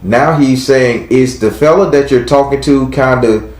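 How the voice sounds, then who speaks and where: A man's voice: mid-range voice, measured pace, a little mellow, roomy sound, rough recording. A man with a Southern US accent giving a live tarot reading to a caller, blunt and chatty, talking aloud to spirits as he goes. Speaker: tarot reader.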